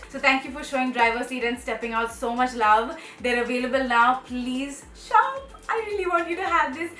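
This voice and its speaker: A woman's voice: fairly high pitch, a bit bright. A young woman from India, a beauty vlogger, talking in a gushing, effusive casual vlog style full of "like". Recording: echoey room with faint music.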